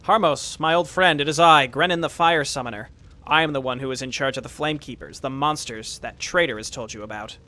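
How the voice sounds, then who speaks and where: A man's voice: mid-range voice, brisk, pushed and bright, lightly acted. A man voicing a summoned fire spirit, once a man, reading the game text in a plain, earnest way.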